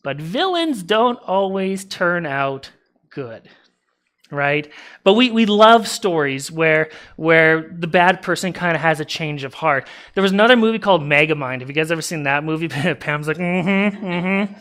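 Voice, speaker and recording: Bright-voiced pastor telling a story. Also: male voice, fairly high pitch, normal speed. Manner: animated, retells a movie plot to the congregation with laughs and asides. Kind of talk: casual sermon storytelling. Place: church sanctuary.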